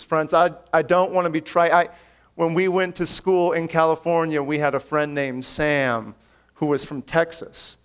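Here a man delivers a sermon as a pastor, sincere and imploring. He swings from loud, insistent declarations to hushed remarks, calls his hearers friends, and sounds smooth throughout.

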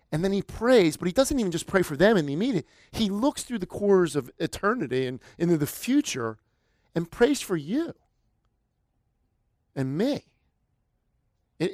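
A man's voice: on the high side, no echo, clean studio sound. A man preaching a sermon in a conversational way, building to emphatic, rising bursts. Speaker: pastor.

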